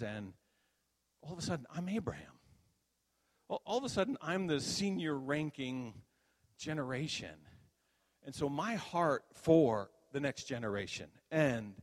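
An older man preaches in a chatty, story-driven way, tossing in asides to his listeners. His voice sits at a middling pitch and rises when a story reaches its peak. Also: big-room sound. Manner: conversational storytelling, animated at high points. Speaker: minister. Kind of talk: sermon testimony.

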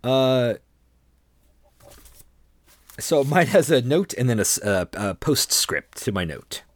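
A man co-hosting a relaxed book chat, teasing his partner with dry wit. His pitch swings widely, and the recording is close and dry. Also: slow, dry recording. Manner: wry, teasing. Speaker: podcast co-host. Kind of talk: casual book-discussion chat.

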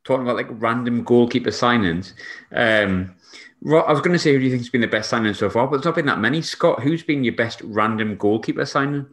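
A man's voice: medium pitch, fairly quick. A man hosting a casual podcast chat, teasing his co-hosts with questions. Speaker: podcast host.

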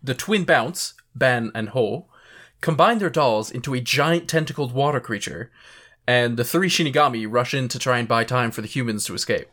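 A young adult co-host recaps an episode casually, with a middling, even voice. The delivery is relaxed and chatty. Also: mid-range voice, normal speed. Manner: laid-back recapping, laughs at own jokes. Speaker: podcast co-host summarizing episodes.

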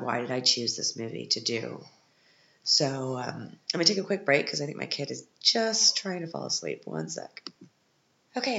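A podcast host rambles through a sarcastic recap of a TV film from a living room. The voice has a gravelly edge. The recording sounds slightly dull and roomy, like a home setup. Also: medium pitch, a bit bright, slight background noise.

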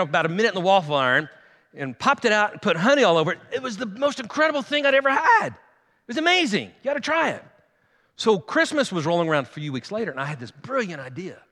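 Bright, high-voiced pastor, reverberant hall. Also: male voice. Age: middle-aged. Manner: calls out to the congregation, humorous storytelling. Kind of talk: sermon. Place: large church sanctuary.

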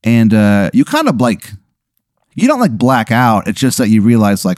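A man hosting a podcast, spinning an improvised comic story in a loose, animated way, full of "like" and swearing. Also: fairly low pitch, a little fast, dry recording, clean studio sound. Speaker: podcast host.

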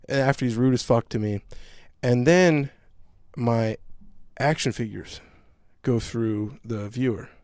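A man's voice: mid-range voice, no room sound. Profane ranting man, dry sound. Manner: profane, animated storytelling rant. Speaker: podcast host. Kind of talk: casual chat.

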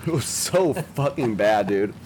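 A young man tells a story in loose, casual chat, swearing freely and poking fun at himself. His voice sits at an ordinary middle pitch. Faint background noise hums under the recording. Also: animated, a little slow, darkish tone, poor audio. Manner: profane, rambling, self-mocking.

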